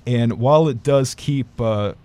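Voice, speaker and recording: A man's voice: mid-range voice, unhurried, a little mellow. A man reviewing films in a casual chat, rambling with many fillers and restarts. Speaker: film critic.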